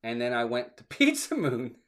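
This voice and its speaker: A man's voice: mid-range voice, huge pitch swings, moderate pace, fairly bright tone. A man co-hosting a livestream, chatting casually and telling a rambling story, quoting people along the way. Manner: chatty storytelling, acts out ride motions and quotes. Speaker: co-host of a theme park livestream. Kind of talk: casual chat.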